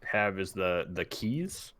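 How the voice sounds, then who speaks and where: A man playing a tabletop game, piecing his thoughts together with halting restarts and likes. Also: low voice, very animated, fairly bright tone. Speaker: player. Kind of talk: casual game-table chat.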